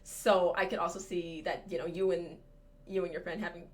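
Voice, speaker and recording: A woman's voice: fairly low pitch, fairly even intonation, moderate pace. Rambling, thoughtful woman podcast co-host. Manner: thoughtful, rambling with many fillers. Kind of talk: casual chat.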